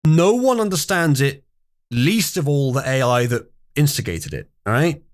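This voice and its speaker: A man's voice: a little high, expressive, moderate pace. A young man hosting a live stream, wryly reading memes and chat messages aloud with theatrical emphasis. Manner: wry, mock-outraged, reads memes aloud with theatrical emphasis. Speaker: livestream host.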